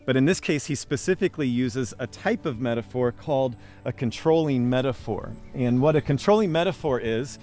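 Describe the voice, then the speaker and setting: A man's voice: mid-range voice, lively intonation, brisk, hardly any pauses, a little mellow, faint music behind. A man preaching a sermon as pastor, telling stories and building emphasis by repeating phrases.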